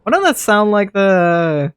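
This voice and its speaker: A man's voice: high voice, very animated, unhurried, clean tone, no room sound. A man streaming a modded game, chatting casually and thinking aloud to himself as he plays. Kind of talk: casual gameplay commentary.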